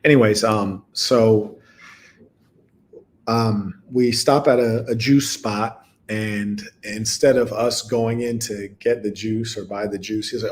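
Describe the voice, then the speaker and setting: A man hosting a podcast, speaking in a casual monologue to a live audience, with animated storytelling and laughing asides. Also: on the low side, a little slow. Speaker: podcast host.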